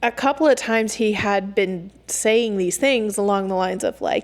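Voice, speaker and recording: A young woman hosting her own podcast, ranting candidly and casually with lots of "like" and quick laughs. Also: fairly high pitch. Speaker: podcast host. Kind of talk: casual solo podcast rant.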